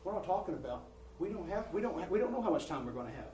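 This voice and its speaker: A man preaching a sermon, rising in volume and pitch as he presses his points and often repeating words. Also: sing-song, rapid-fire, mellow, a little hiss or hum. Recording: roomy church sound from a distant mic.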